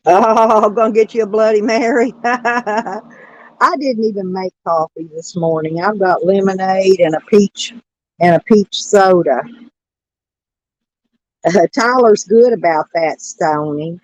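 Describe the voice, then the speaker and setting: A woman's voice: medium pitch, takes it slowly, darkish tone, no room sound. A woman chatting casually on a live stream, rambling and greeting viewers by name. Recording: dull dry lo-fi sound.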